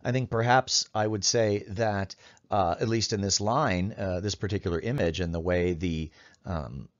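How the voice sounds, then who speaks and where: A deep-voiced man lectures on poetry as a professor, thinking aloud with frequent fillers and false starts. He reads the verse examples slowly and deliberately. The recording is dull and lo-fi. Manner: thoughtful, halting, with many fillers and restarts. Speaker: literature professor.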